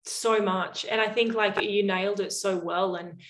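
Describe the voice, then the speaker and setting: A woman's voice: medium pitch, fairly even intonation, measured pace, fairly bright tone, reverberant. A woman hosting a podcast, talking in an agreeable, reflective, chatty way. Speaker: podcast host. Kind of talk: casual interview talk. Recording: voice a bit far from the mic.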